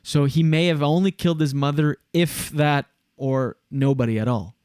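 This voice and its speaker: A man's voice: fairly high pitch, steady tone, normal speed, darkish tone, smooth, no echo. A man hosting a casual podcast chat, telling a long story with lots of fillers. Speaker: show host.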